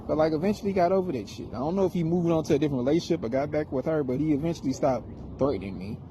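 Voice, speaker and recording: A middle-aged man telling a story in a casual monologue, animated, wry and full of swearing. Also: on the high side, racing, background noise.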